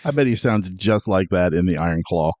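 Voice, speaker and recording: A man's voice: low-pitched, lively intonation, fairly quick, a little mellow, dry recording. A man co-hosting a casual film review podcast, laid-back with dry interjections. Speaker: podcast co-host.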